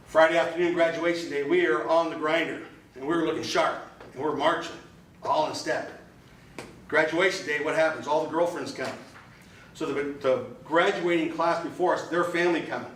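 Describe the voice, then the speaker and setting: A man's voice: fairly high pitch, steady tone, normal speed, a bit bright, slight background noise. A man giving an emphatic motivational club speech, telling stories in punchy, repeated phrases. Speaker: club speaker. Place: meeting room. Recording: echoey room from far off.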